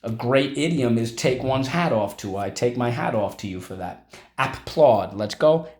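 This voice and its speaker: A man's voice: mid-range voice, expressive, normal speed, a little mellow. A man teaching a vocabulary and phonics lesson, drilling each word aloud with repetitions and prompts to the class. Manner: drills words aloud, repeating each one.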